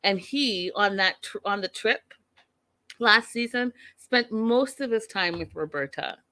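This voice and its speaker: A woman's voice: medium pitch, unhurried, bright, forceful tone, no echo. A woman hosting a reality TV recap show, giving her opinions in blunt, outspoken, emphatic casual talk.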